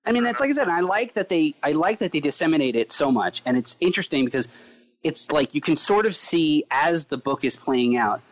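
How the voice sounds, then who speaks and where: Guy rambling fast about a comic on a podcast, kinda high voice, does little character bits. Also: rough recording. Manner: rambling, animated, acts out characters mid-sentence. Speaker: podcast co-host reviewing a comic. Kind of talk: casual podcast chat. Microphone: remote call mic.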